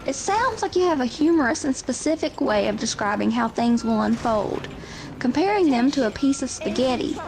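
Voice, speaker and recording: A woman's voice acting as an AI co-host, calmly and wordily restating what the player says. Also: high-pitched, moderate pace, rough recording. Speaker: AI chat companion co-host. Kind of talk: reflective listening commentary.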